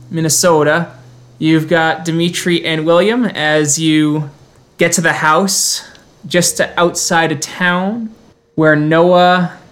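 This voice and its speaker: A man narrating a tabletop game as game master in a casual, rambling way. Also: a little high.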